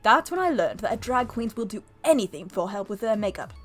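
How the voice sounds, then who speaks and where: A woman's voice: medium pitch, very animated, a little fast, a bit bright, faint music behind. A woman voicing a flamboyant British gay male makeup artist, reading game dialogue in a put-on British accent with a theatrical drawl. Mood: wistful.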